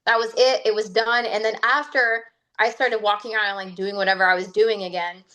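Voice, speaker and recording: Woman client on a video call, chatty, laughs a lot, mid-pitched voice. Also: fairly quick. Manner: chatty and animated, laughs often, slips into quoting her own self-talk. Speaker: coaching client sharing her story. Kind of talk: casual storytelling on a group call.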